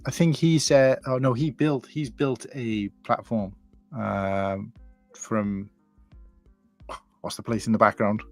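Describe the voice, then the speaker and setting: A man's voice: lowish voice, steady tone, takes it slowly, pauses often. A man chatting casually as a panelist on a livestream, rambling and loose, with music playing faintly behind him. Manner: rambling, loose and conversational, with restarts. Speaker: guest panelist.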